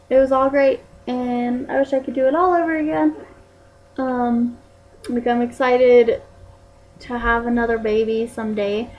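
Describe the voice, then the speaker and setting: A young woman talks casually into her camera mic, her voice sitting a little high. She rambles along with plenty of "like" and "um" fillers, in the easy way of a personal vlog. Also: a little hiss or hum, poor audio. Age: young adult. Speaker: vlogger.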